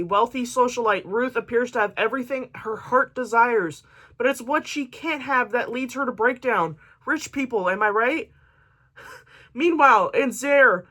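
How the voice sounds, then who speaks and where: Bright-voiced joking woman book vlogger. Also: fairly high pitch. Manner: jokey, chatty asides while reading synopses aloud. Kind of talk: casual chat to camera.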